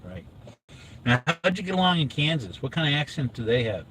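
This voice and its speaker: A middle-aged man from inland California talks casually from the driver's seat, wandering from thought to thought with plenty of ums and uhs. His voice sits at an ordinary pitch, with a faint hum of road noise underneath. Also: sing-song, a little fast, a bit bright, rough recording. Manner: rambling, chatty, with many fillers. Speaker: father, vlog host. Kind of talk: casual chat while driving. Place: inside a car on a drive.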